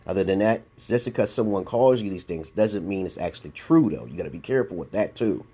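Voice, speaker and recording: A Brooklyn man in his forties, a YouTube commentator with a New York accent, bluntly rants in a rambling response video, swearing constantly and repeating "okay?". His low voice is animated, quick, warm and slightly rough.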